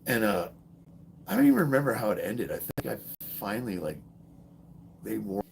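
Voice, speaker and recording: A man's voice: fairly low pitch, moderate pace, gravelly, slight background noise. A middle-aged man, a strength athlete, chatting to viewers on a casual livestream and telling profane, joking stories. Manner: profane, joking, animated storyteller. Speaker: strength athlete and fitness streamer. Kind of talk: casual livestream chat and storytelling.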